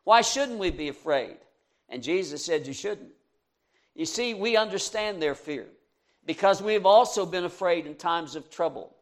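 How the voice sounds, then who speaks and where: A man delivering a sermon with a slightly high voice. He talks in an earnest, conversational way, leaning into quoted scripture with rising emphasis. He chuckles now and then at his own asides. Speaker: preacher.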